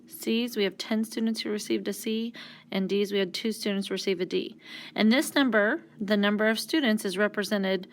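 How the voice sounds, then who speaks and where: A woman's voice: medium pitch, normal speed. A woman teacher giving a recorded classroom lesson, explaining patiently and step by step with the odd "um". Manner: uses fillers like um.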